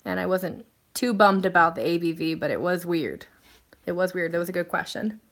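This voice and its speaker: A woman's voice: on the low side, normal speed, fairly bright tone. A woman hosting a casual live stream, chatting and answering viewer comments in a rambling way with plenty of ums and restarts.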